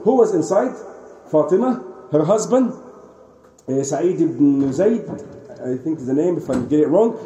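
Mellow-voiced man telling a religious story. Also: fairly high pitch. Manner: animated retelling, frequent restarts, sprinkled Arabic phrases. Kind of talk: informal religious lesson, storytelling. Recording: roomy echo, faint ambient noise.

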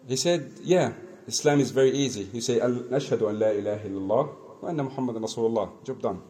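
Man telling a sermon story, mellow voice. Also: mid-range voice. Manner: conversational, halting, many restarts, acts out dialogue. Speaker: Islamic preacher.

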